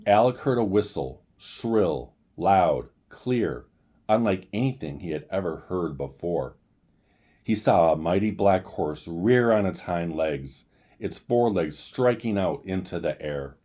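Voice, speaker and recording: A man hosting a storytime show, reading a chapter book aloud in a measured, deliberate way. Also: low-pitched, animated, warm tone. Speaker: storyteller host.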